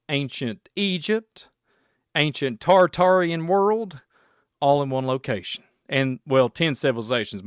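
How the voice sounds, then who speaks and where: A man's voice: mid-range voice, a bit bright, no room sound. Chuckling man, dry close sound. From Kentucky. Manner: rambling, laughs often, folksy. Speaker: podcast host. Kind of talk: reaction podcast, casual chat.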